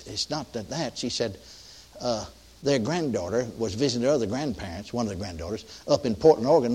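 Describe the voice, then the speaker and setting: A man's voice: mid-range voice, darkish tone. An older man preaching a sermon, telling a story in a folksy way, with many restarts and emphatic peaks.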